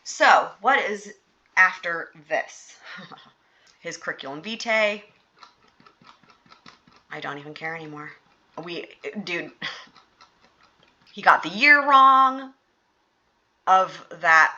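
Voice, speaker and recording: A woman's voice: medium pitch, bright, forceful tone, dull audio. A woman host giving casual, sarcastic and exasperated commentary on court filings.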